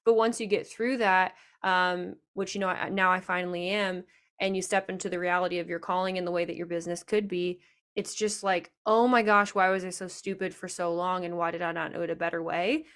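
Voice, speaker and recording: A woman's voice: on the low side, flat delivery, fairly quick, clear, resonant tone. Chatty woman podcast host. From Nebraska. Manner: chatty, reflective, many fillers. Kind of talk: casual podcast chat.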